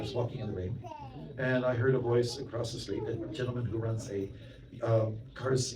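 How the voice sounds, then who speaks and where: Chatty monk lecturing in a roomy hall. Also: male voice, mid-range voice. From Canada. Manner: chatty, anecdotal, with many "you know" asides and audience questions. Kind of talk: storytelling sermon to a temple audience. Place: temple hall. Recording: roomy hall, mic at a distance, audience present.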